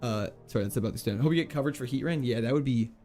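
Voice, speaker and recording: A man's voice: medium pitch, very fast, mellow, faint music behind. A man streaming a video game live, chatting casually and playfully as he reads out chat and laughs often. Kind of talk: casual live gameplay commentary, reading chat.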